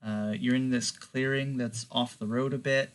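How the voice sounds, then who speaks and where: A man narrating and running a tabletop game as game master, relaxed and unhurried, with fillers. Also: medium pitch.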